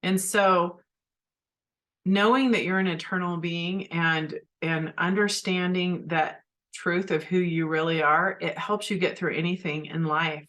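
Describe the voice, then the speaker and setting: A middle-aged woman with a somewhat low voice talks on her podcast about spiritual matters. Her delivery is earnest and heartfelt, reflective and personal. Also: fairly even intonation, measured pace, a bit bright. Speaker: podcast host.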